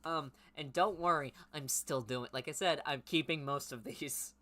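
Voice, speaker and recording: Bright-voiced sarcastic man. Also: medium pitch, moderate pace, hardly any pauses. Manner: sarcastic, self-mocking, swears. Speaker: host reading his old writing. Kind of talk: comic reading with commentary.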